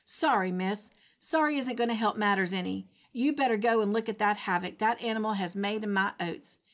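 A woman's voice: mid-range voice, brisk, close to an everyday voice. A woman voicing a short, fat, bald old farmer who splutters with anger and keeps saying "miss" indignantly. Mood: scornful.

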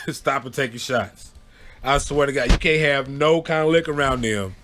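Animated male storyteller, casual delivery with loud high yelps on quoted lines. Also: normal speed, a little hiss or hum.

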